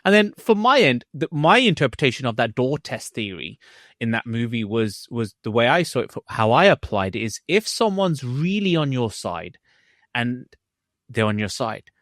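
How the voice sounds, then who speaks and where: Lively, animated male podcast co-host. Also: medium pitch, normal speed, no room sound, clean studio sound. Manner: animated storytelling, acts out lines in other voices. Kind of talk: casual podcast chat.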